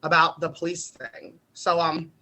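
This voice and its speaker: A man's voice: fairly high pitch, fairly even intonation, a little slow, sharp tone, poor audio. A young man from the United States telling stories animatedly on a podcast, laughing often and swearing freely. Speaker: podcast guest. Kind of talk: casual storytelling.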